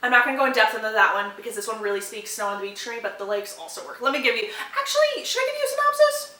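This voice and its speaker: A young woman chatting casually and excitedly about books to her followers, quick to laugh and half-sing song lyrics. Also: on the high side, roomy sound. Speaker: book content creator. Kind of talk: casual chatty book recommendations.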